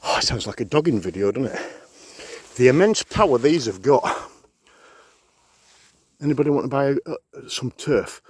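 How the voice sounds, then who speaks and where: Riding a bike up muddy outdoor hill tracks, a Yorkshire man chats breathlessly to the phone in his hand. His medium-pitched voice is husky and expressive at a moderate pace, with frequent pauses and no echo, and this vlogger groans, swears, and cracks jokes as he goes.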